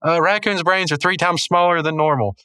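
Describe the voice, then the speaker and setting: Childlike old gentleman, prim and delighted, as a man puts him on; raised pitch, dry and close. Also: brisk, clean tone, dry recording.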